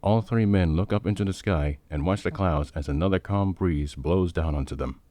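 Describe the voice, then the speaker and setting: Deep-voiced male story narrator. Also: normal speed, mellow, dry recording. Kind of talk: scripted narration.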